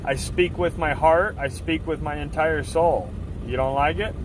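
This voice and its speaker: A man's voice: a little high, a little slow, background noise. A man hosting a live stream, talking casually to his chat in assertive, fired-up rants. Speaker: livestream host.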